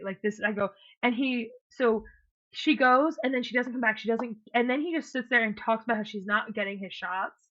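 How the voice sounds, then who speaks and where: A woman's voice: on the high side, quick pace. Woman telling a dating story, lo-fi. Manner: animated storyteller, acts out quotes, swears. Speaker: podcast co-host. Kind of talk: casual storytelling chat. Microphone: podcast mic, remote call. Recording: muffled lo-fi sound.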